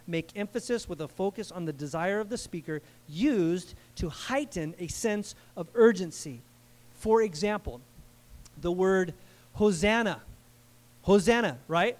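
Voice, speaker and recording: A man preaching a sermon in an animated, conversational way, with frequent asides to the congregation. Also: sits high, normal speed. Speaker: pastor.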